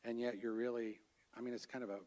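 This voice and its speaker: A man's voice: mid-range voice, little pitch movement, a little mellow. Fair manager guy at a board meeting mic, kinda far off, stops and restarts a lot, earnest. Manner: halting, earnest, many restarts. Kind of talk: public comment at a board meeting. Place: state board meeting room.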